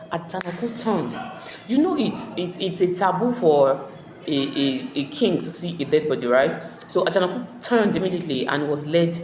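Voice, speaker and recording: A woman tutor casually retelling a play scene by scene, acting out the characters' lines as she goes. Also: sits low. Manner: animated storyteller acting out quoted characters. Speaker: literature tutor. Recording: echoey room with faint ambient noise.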